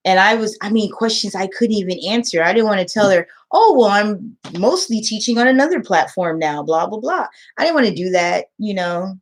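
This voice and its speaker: A woman's voice: mid-range voice, lively intonation, fairly quick, hardly any pauses. A woman who tutors English online, telling a story to camera in casual chat and acting out the quotes. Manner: emotional storytelling, acts out quotes.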